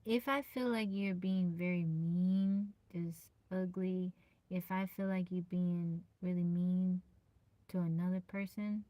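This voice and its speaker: A soft-spoken, easygoing woman chatting casually with viewers on a live stream. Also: lowish voice, fairly even intonation, slow pace, dry recording.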